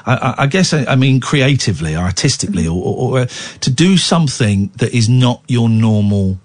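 A man's voice: medium pitch, expressive, brisk. A man in his forties hosting a late-night radio talk show, rambling and playfully teasing his co-host and callers. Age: 40s.

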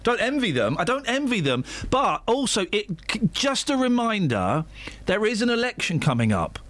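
A man's voice: sits high, wildly swooping pitch, moderate pace, fairly bright tone, slight background noise. A man hosting a breakfast radio show, bantering in a teasing, jokey way. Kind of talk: casual radio chat.

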